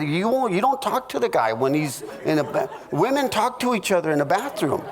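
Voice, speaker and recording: High-voiced man preaching with jokes. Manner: storytelling, halting restarts, jokey asides. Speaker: pastor teaching a marriage class. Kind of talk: humorous sermon.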